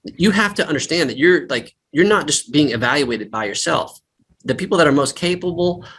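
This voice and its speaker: A man's voice: medium pitch, fairly bright tone, slightly rough. A man hosting a business training webinar, speaking in an emphatic, direct way with plenty of "like" fillers. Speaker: webinar host and M&A advisor.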